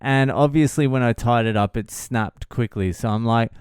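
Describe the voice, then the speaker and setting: A sardonic man in his thirties, swearing freely as he tells a story in a casual monologue. His voice is smooth and resonant, recorded close and dry with no room sound. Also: mid-range voice, normal speed, no echo. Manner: profane, sardonic, exasperated. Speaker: vlogger.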